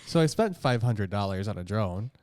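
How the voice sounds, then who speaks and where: A man's voice: lowish voice, moderate pace, dry recording, clean studio sound. A young man co-hosting a podcast, chatting casually and joking at his own expense. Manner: animated, jokey, self-mocking. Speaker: podcast co-host. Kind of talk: casual chat.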